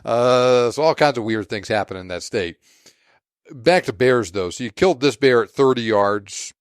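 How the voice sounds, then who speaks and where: A man with a fairly low voice hosts a podcast in an easygoing, chatty way, laughing often. The sound is dry and close to the mic, with no room echo. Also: expressive, moderate pace. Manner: laid-back, laughs often, says "man". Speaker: podcast host. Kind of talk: casual podcast chat.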